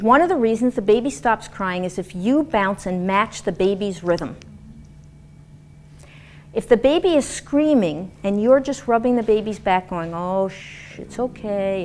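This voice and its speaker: A woman lectures a class on dance and movement therapy, animated and demonstrative, acting out example voices as she goes. Her voice sits a little high, with a faint hiss or hum in the recording.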